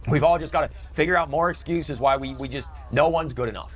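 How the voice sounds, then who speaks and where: A man's voice: on the high side, fast talker, slightly rough. A middle-aged man delivering an emotional, bitter ranting monologue in a video. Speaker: video commentator.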